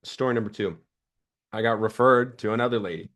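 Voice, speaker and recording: In a lively sales training talk, a man in his thirties speaks briskly with a voice on the low side. He keeps things chatty and energetic, dramatizing the phone calls quoted in his stories.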